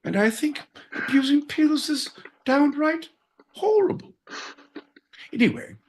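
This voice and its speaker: A man's voice: very high-pitched, expressive, slow pace, voice pushed up, exaggerated voice. A man voicing a prim, silly posh Englishman with a put-on British accent, chirpy and sing-song.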